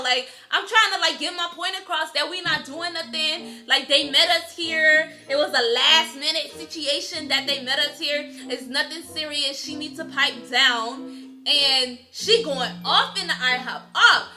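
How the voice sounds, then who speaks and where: A young woman vlogger telling a story to her viewers in an animated, slangy, chatty way. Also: sits high, unhurried, faint music behind. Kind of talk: casual storytime.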